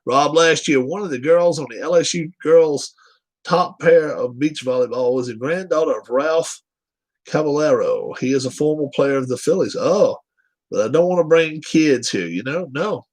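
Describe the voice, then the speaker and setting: A man's voice: fairly high pitch, animated, moderate pace, slightly rough. A man hosting a casual live chat show, reading viewer comments aloud and teasing them with frequent laughs.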